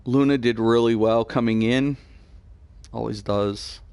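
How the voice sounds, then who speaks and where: A man's voice: medium pitch, steady tone, measured pace, clean tone, no echo. Foul-mouthed man ranting over gameplay. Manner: swears constantly, ranting at teammates; shouting in rage. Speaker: gaming channel host. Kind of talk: live gameplay commentary.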